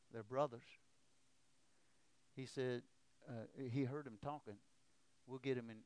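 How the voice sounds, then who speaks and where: A man preaching a testimony sermon in a smooth, resonant voice. He tells his story and it builds to a shouted exhortation. The sound is dry and close. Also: mid-range voice, no echo.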